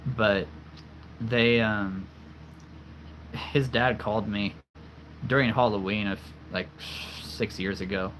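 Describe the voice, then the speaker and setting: A man hosting a relaxed livestream, chatting with his viewers and laughing often. He speaks at an unhurried, slow pace, and his voice is a little worn because he is losing it. Soft ambient sound hums faintly behind him. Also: fairly low pitch, slight background noise. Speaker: livestream host. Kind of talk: casual live chat answering viewers.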